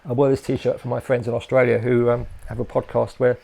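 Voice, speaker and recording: A man's voice: medium pitch, flat delivery, a little fast, gravelly, mellow. An older man from England, a guest in a casual interview, who rambles and hesitates with many fillers and restarts.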